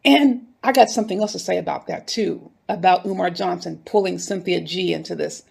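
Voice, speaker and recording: Speaking briskly in a lowish, darkish voice with vocal fry and a slightly rough quality, a North Philadelphia woman delivers heated, indignant commentary. She's a YouTube commentator talking directly to viewers in a casual video.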